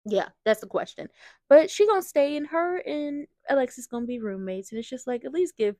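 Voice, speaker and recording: Sassy, animated woman recapping a soap. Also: high voice, a little fast, no echo. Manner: sassy, animated, slangy storytelling; acts out characters' lines in quotes. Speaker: soap opera recap host. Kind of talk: casual commentary recap.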